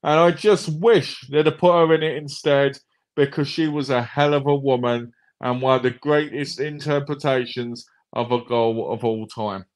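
A man chatting casually on a livestream, joking and retelling comedy scenes in a rambling, animated way. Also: mid-range voice, normal speed.

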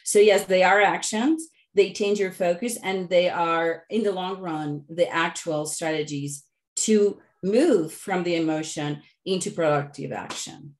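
Lower-pitched chatty woman presenter. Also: measured pace. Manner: chatty, lively, loose storytelling. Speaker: workshop presenter and coach. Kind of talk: online workshop talk.

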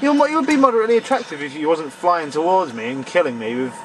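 A man's voice: fairly high pitch, lively intonation, racing, background noise. A man commentating a horror game, sarcastic and shrieking when startled. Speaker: let's play gamer.

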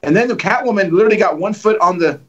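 A man telling lively stories as a guest evangelist on a livestream, acting out the quotes and joking. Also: high voice, fast, lo-fi sound. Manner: animated, acts out quotes, joking. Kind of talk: storytelling in a livestream conversation.

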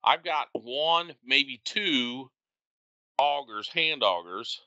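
A man's voice: mid-range voice, expressive, very slow, bright, forceful tone, dry recording, muffled recording. A man co-hosting a podcast, chatting casually and telling wry, joking stories. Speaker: podcast co-host. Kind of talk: casual chat.

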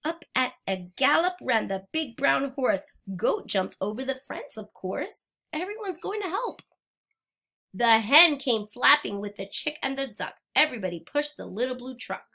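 A woman's voice: high voice, animated, normal speed, gravelly, sharp tone. A woman teacher reading a picture book aloud to young children and prompting them to join in.

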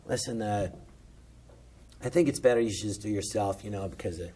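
A man doing an impression of a soft-spoken older film director who talks in a low, hesitant murmur. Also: a little fast, slightly rough. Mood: gentle reassuring. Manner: low, quiet and hesitant, with many "you know"s.

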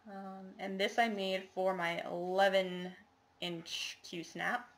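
A woman's voice: medium pitch, fairly even intonation, takes it slowly. A woman chatting casually to the camera in a show-and-tell video, rambling with lots of fillers and apologies. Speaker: cross-stitch vlogger.

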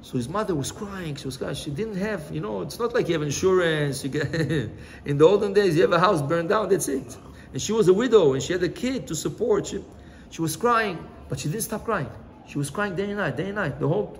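A male rabbi gives an informal Torah lesson, talking in a chatty, storytelling way and often asking his listeners questions. His voice sits a little higher than most men's. A faint hiss runs underneath. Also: a little fast, creaky. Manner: chatty, asks the listeners questions, mixes in Hebrew phrases. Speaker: rabbi teaching a class.

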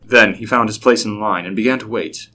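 A man narrating a scripted story in a steady, even way. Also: on the low side, fairly quick, a little hiss or hum.

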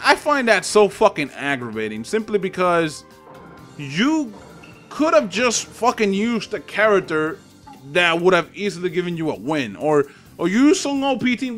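A young gaming channel host with a Spanish accent plays a fighting game online, trash-talking with loose, profane live commentary. His voice is fairly high-pitched with a fairly bright tone.

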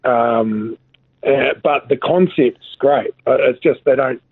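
A man's voice: medium pitch, slow pace, breathy edge, dry recording. A New Zealand man, a former rugby player, chatting casually as a guest in a laid-back, rambling way, full of fillers. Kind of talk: casual chat. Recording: tinny phone line.

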